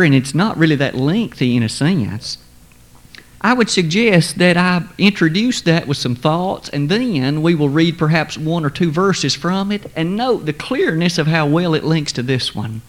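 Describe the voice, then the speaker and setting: Preacher, male, slightly high voice, measured and emphatic sermon delivery.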